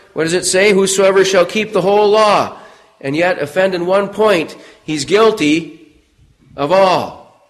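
A middle-aged American preacher delivers his sermon in an earnest, storytelling way. His voice sits fairly high, and on the solemn words it sinks low and goes quiet. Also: low-quality recording.

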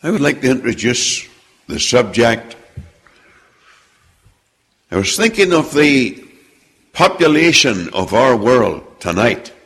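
A man preaching a sermon and reading scripture aloud, with slow, emphatic delivery that sinks low and quiet at the ends of phrases. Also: very animated, breathy edge. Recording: long hall reverb.

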